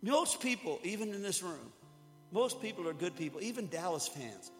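A man's voice: sits high, very animated, moderate pace. A man preaching a sermon to a room, talking casually, joking and acting out little quotes. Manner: conversational, joking, with acted-out quotes. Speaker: pastor. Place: church hall before an audience. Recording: hall reverb with music behind.

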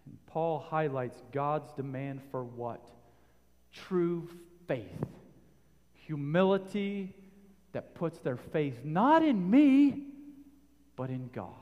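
A man preaching a sermon, rising to loud emphatic peaks and putting questions to his listeners. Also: a little high, animated, takes it slowly, in a large hall.

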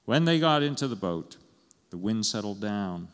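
A man's voice: on the low side, animated, moderate pace, clean tone, long reverb tail. A man pastor preaching a conversational sermon in a church, asking the congregation questions and chuckling as he goes.

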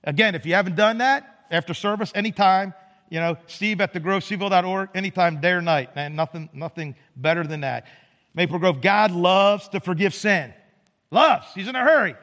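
A man's voice: high-pitched, normal speed, fairly bright tone, big-room sound. A male pastor preaching a sermon in a casual, conversational way, often repeating words and asking "right?". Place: church sanctuary.

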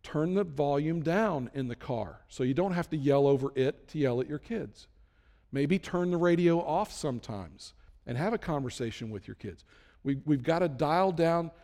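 A man preaching a conversational sermon as a pastor, emphatic, with sudden loud bursts. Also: a little high, long reverb tail.

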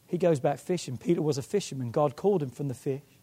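A pastor preaching a sermon, retelling a story with dramatic swings between loud calls and hushed lines. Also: male voice, a little high, quick pace, breathy edge.

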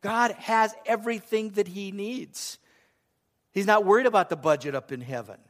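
Here a middle-aged pastor delivers his church sermon at a moderate pace, his high voice carrying a fairly bright tone. He keeps an earnest manner while slipping in humorous remarks between points.

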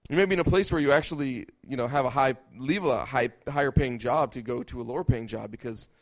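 A man's voice: medium pitch, fast talker. A man preaching a sermon, emphatic, with rhetorical questions and repeated lines.

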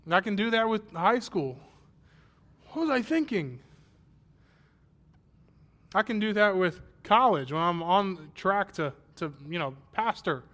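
Pastor preaching conversationally, slightly high voice. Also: male voice, normal speed, few pauses, pushed and bright. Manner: conversational, self-deprecating, rising to emphatic praise. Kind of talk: sermon with personal story.

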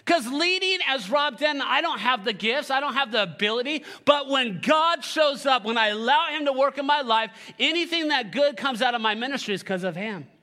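A male pastor preaching a sermon, animated and joking, with sarcastic asides, reading scripture aloud and leading the congregation. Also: extremely high pitch, fairly quick, few pauses.

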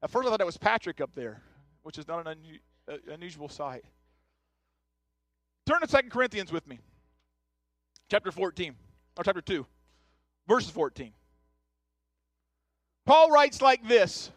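A man's voice: high voice, very animated, moderate pace, pauses often, dry recording, soft background music. A man in his thirties preaching a conversational sermon, joking and chatting straight to his congregation. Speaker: pastor. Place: church sanctuary.

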